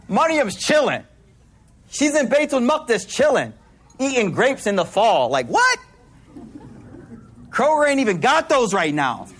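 A man's voice: high-pitched, breathy edge. A man preaching a sermon to a congregation in a hall, talking in a casual, slangy way with playful asides.

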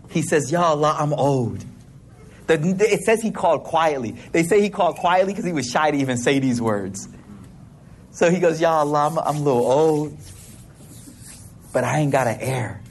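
Slight background noise sits under a fairly high male voice as a preacher addresses a hall audience. His sermon is casual and full of slang, weaving religious lessons together with acted-out, animated voices.

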